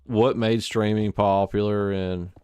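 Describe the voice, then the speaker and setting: Low, smooth-voiced Southern streamer man. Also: level tone, unhurried, mellow, no echo, dull audio. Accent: Southern US (Alabama). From Alabama, US South. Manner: rambling, loose, heavy on fillers. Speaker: live streamer playing a survival game. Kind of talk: casual chat while gaming.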